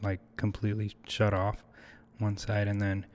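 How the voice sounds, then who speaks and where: Young guy guest, lowish flat voice, kinda hesitant and thoughtful, lots of restarts. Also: moderate pace. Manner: hesitant, reflective, many restarts. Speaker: podcast guest. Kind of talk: casual conversational interview.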